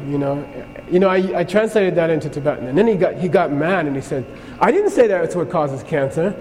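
A man's voice: a little high, lively intonation, brisk, few pauses, darkish tone, slight background noise. A man teaching a Buddhist class, telling stories in a conversational way and often checking in with his students. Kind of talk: classroom lecture with anecdotes. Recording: long hall reverb, faint ambience.

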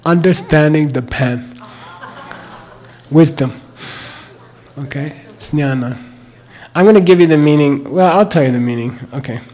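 A man's voice: on the high side, a little mellow. An older man teaching the sounds and meaning of a mantra, spelling words out and checking in with "okay?" after each point. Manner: slow and deliberate, repeats words and checks with "okay?".

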